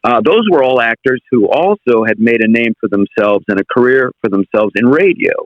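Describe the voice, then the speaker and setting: A man's voice: medium pitch, brisk, no echo. This is a man from the United States giving a casual interview, thinking aloud and circling back to sharpen his points. His voice sits in an ordinary middle range. The recording is dry and slightly dull, a bit lo-fi. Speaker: guest impressionist.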